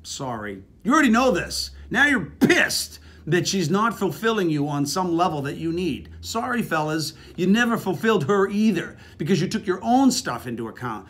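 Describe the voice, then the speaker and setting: A middle-aged man talks straight to the camera about marriage in a blunt, crude, animated way, swearing freely. His voice sits a little higher than most men's. He speaks like a motivational speaker giving a casual talk. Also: moderate pace. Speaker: relationship speaker.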